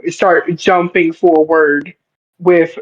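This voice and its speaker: A young-sounding moderator running a casual online debate, relaxed and rambling, with slangy asides. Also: mid-range voice, extremely slow, lo-fi sound.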